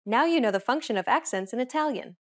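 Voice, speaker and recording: A woman hosting a beginner language lesson, giving clear, steady scripted explanations. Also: on the high side, fast talker.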